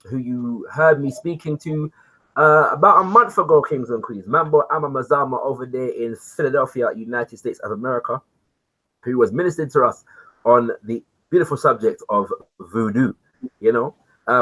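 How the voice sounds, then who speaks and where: A man hosting a live online talk show, greeting his viewers. He talks in an animated, informal way, with many "you know what I mean" fillers. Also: medium pitch, low-quality recording. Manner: animated, repeatedly addresses viewers as kings and queens. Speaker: livestream show host.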